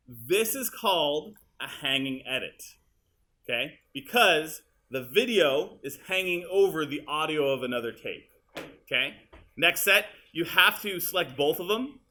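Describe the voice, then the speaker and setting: A male teacher walking students through an editing demonstration in a high school classroom, casual and chatty as he works. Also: pushed and bright. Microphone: room mic, uneven audio quality.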